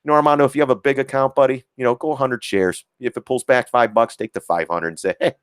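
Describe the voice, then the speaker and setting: A man's voice: mid-range voice, fairly even intonation, quick pace, clear, resonant tone, dry recording, studio quality. A man hosting a trading livestream in casual, rambling chat, heavy on filler words and repeats. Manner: acts out quoted voices, chuckles often. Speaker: stock trading livestream host.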